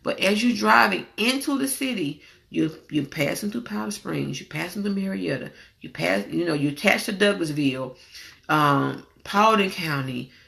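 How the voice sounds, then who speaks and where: Woman host, candid inspirational talk, gravelly, forceful delivery, preachy and repetitive. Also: on the low side, animated, normal speed. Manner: candid, preachy, drawls and repeats.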